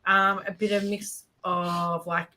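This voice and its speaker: A woman chatting casually in an online group, laughing easily and pausing with fillers. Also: fairly low pitch, flat delivery, sharp tone. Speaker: chat participant.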